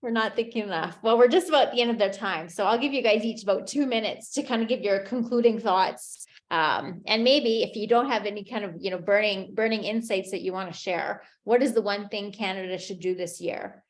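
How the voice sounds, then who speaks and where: A woman's voice: medium pitch, brisk, hardly any pauses. A woman moderating a panel discussion, adding her own views and steering the talk with questions to the panelists.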